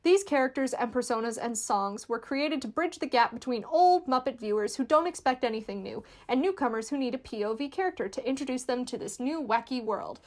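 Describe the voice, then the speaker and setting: A woman reading a scripted video essay in a clear, measured, explanatory way. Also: on the high side, expressive. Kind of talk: scripted narration.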